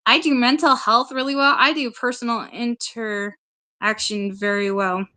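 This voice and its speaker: A woman hosts a casual livestream, with a voice sitting a touch higher than most. She talks straight to her viewers, earnest and emotional, and keeps reassuring them. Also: steady tone, a little slow, sharp tone. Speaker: livestream co-host and advocate.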